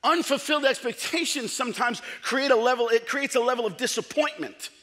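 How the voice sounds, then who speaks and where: A middle-aged man preaching a sermon as pastor, telling comic stories in an animated way and acting out quotes. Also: extremely high pitch, fairly quick, long reverb tail. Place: large church hall.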